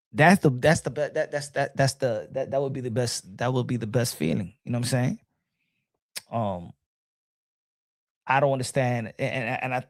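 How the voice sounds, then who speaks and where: A man hosting a casual live boxing stream, reading chat comments and talking in an animated, excitable way with lots of slang and restarts. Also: mid-range voice, no echo, studio quality.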